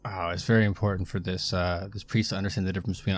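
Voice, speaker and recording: A man's voice: low voice, level tone, fast talker, hardly any pauses. A man playing a tabletop roleplaying game who talks hesitantly, with many fillers. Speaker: player.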